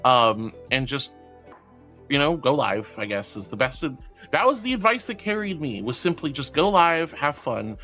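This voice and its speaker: A woman's voice: a bass voice, big pitch swings, normal speed, a bit bright, soft background music. A woman streamer chatting casually and affectionately with her viewers, calling them sweetie and honey, often giggling. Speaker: VTuber streamer. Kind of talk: casual livestream chat.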